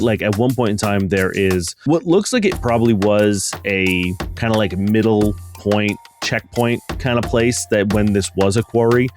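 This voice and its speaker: A man narrating a tabletop game as game master, rambling with many fillers. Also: on the low side.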